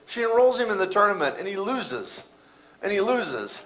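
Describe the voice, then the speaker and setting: Storytelling preacher, high voice, loud and hushed. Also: male voice, very animated, normal speed, rough recording. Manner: storytelling, swinging from loud bursts to hushed quiet. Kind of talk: sermon.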